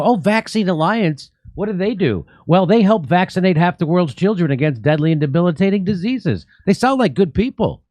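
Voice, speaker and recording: Animated, sarcastic male commentary host. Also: sits high, no echo. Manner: mocking, animated, sarcastic asides. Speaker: show host.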